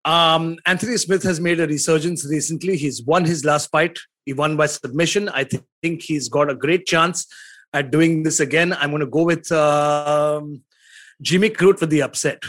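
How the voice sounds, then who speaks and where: A man in his forties co-hosting a sports podcast, talking in an emphatic, excitable way and laughing often. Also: on the high side, moderate pace. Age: 40s. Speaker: podcast co-host. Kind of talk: casual sports chat.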